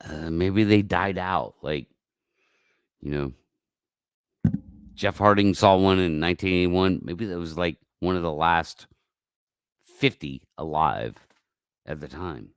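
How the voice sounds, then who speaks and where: A man hosting a casual livestream, talking in a rambling, profane way that swings from mumbled asides to loud outbursts, on a close mic. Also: low voice, slow pace, long pauses, clean tone, no room sound. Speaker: livestream host.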